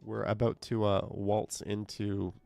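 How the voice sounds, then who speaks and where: A man's voice: fairly low pitch, little pitch movement, slow, vocal fry, darkish tone, dry recording. A man with a stuffed-up, nasal voice from a cold, chatting casually on a live stream as he reads viewer comments aloud and answers them. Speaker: live streamer reading chat. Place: indoors.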